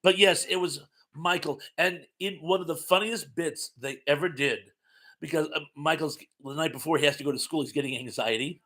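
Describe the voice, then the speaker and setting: Hosting a laid-back live-stream trivia session, a middle-aged man reads out questions and viewer comments at normal speed. He sounds bright and forceful, a touch high in pitch, and is chatty and self-deprecating, laughing readily and stumbling over his sentences.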